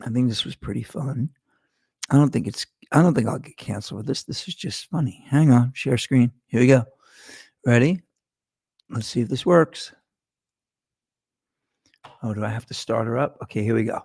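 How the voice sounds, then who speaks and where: A middle-aged man hosts his own podcast in a loose, rambling monologue, swearing freely and wandering off topic. His voice has a gravelly edge, and the sound is dry and close with no room around it. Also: medium pitch, moderate pace, long pauses, darkish tone, no room sound. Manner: rambling, profane, digressive. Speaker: podcast host. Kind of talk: casual monologue.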